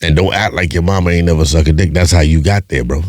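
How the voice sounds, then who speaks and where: A podcast host delivers a casual monologue in a low-pitched, darkish voice, talking fast. He's blunt and profane, firing off rhetorical questions and repeating himself, in clean studio sound with no echo.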